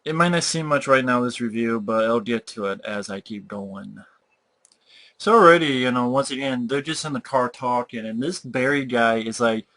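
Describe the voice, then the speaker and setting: A man's voice: mid-range voice, moderate pace, fairly bright tone. Profane, exasperated man ranting about a movie. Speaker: film reviewer.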